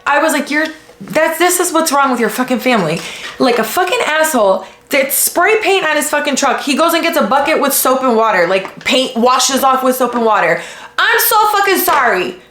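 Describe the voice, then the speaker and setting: A woman from the United States hosting a podcast, talking in a blunt, casual way with lots of swearing and animated retellings. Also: high voice, fairly quick. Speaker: podcast host. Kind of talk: casual commentary. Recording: echoey room.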